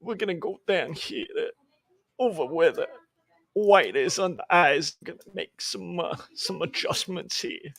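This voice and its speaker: A loud, wisecracking middle-aged teacher blurts out brash, exaggerated exclamations, as a man puts him on. The voice rides higher than a normal speaking voice and a little back from the microphone. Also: unhurried, creaky, dry recording, full character voice. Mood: joking. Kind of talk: comic impression while drawing.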